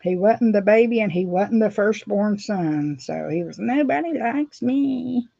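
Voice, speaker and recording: A woman's voice: mid-range voice, normal speed, creaky, dark tone, no room sound. Middle-aged woman, chatty nail vlogger, muffled dry home recording. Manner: rambling, laughs often. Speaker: beauty vlogger. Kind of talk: casual chat while doing nails. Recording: dull dry lo-fi sound.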